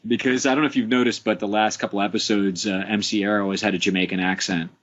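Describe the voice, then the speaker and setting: A man's voice: fairly low pitch, fairly even intonation, fast, fairly bright tone. A man being interviewed on a podcast about making his show, talking casually and rambling with many fillers, restarts and small chuckles. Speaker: interview guest, show creator. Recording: dull lo-fi podcast audio.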